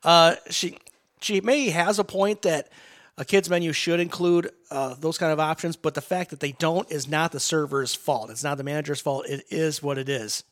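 A man's voice: a little high, fairly even intonation, moderate pace, a bit bright. A man co-hosting a radio show in casual, joking banter, laughing often. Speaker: radio co-host.

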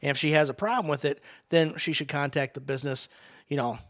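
A man's voice: a little high, fast talker, a bit bright. A man co-hosting a radio show in casual, joking banter, laughing often. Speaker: radio co-host.

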